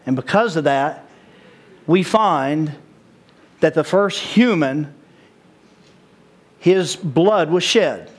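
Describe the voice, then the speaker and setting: A male pastor preaching a sermon in an animated way, chuckling at his own jokes. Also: a little high, extremely slow, long pauses.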